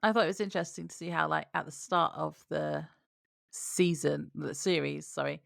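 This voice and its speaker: A woman with a very low voice and a lot of gravelly fry chats casually as a podcast co-host. She phrases things loosely and corrects herself as she goes, in a dry, close sound. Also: steady tone, normal speed, no echo. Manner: loose, hesitant phrasing with fillers and self-corrections. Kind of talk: casual chat.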